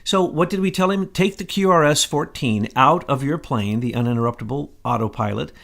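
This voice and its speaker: Gravelly man holding forth. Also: mid-range voice, fairly quick, fairly bright tone. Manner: confident, sweeping, conspiratorial. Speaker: co-host. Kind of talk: conspiratorial political talk.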